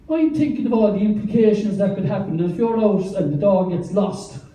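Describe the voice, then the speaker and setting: An Irish man in his thirties does stand-up at a small bar's open mic. His voice is dark and mellow and sits a little high. He rambles through deadpan stories, heard from a distance in a very roomy space. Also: a little fast, muffled recording, a little hiss or hum. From Ireland. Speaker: stand-up comedian. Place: small wine bar open mic night. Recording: roomy, distant bar recording.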